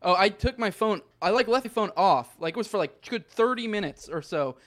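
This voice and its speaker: A man, a podcast co-host, talking in a quick, incredulous, casual way. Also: high voice, animated, fairly bright tone. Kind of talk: casual chat.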